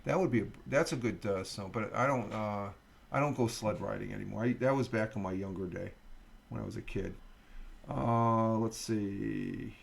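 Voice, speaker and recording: A man's voice: fairly low pitch, normal speed, creaky. A middle-aged man hosts a casual morning livestream from home, rambling with fillers and asides as he reads out a weather article. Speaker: livestream host. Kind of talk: casual morning stream chat.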